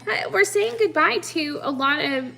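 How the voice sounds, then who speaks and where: A woman's voice: sits high, animated, moderate pace, creaky, pushed and bright, faint music behind. A woman doing a live tarot reading for her viewers in a chatty, playful way, laughing often and calling them honey and kids. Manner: calls the audience kids, honey, guys. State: sniffly. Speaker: tarot reader.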